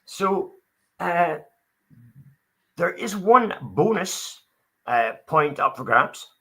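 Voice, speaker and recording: Male co-host running a quiz, with a lively husky voice and halting delivery. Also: a little high. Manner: halting, many fillers and restarts. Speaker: quiz master. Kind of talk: casual podcast chat.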